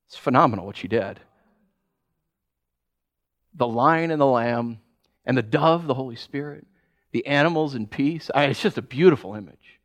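A man's voice: mid-range voice, normal speed, long pauses. A pastor preaching a sermon, talking animatedly and acting out the people he quotes. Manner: animated, acts out quoted voices.

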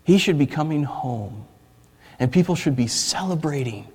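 A male pastor delivers a sermon in a fairly high voice. He swings from loud, impassioned stretches to quiet, hushed ones, often stammering as he restarts his sentences. The sound rings with the long reverb of a large hall. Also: expressive, moderate pace, slightly rough.

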